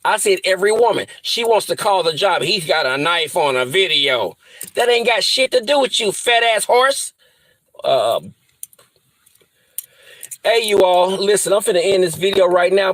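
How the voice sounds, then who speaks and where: A man's voice: sits high, normal speed, no room sound, rough recording. A man ranting angrily to his viewers, profane and threatening, repeating insults over and over. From US Midwest. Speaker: vlogger. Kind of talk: angry rant to camera.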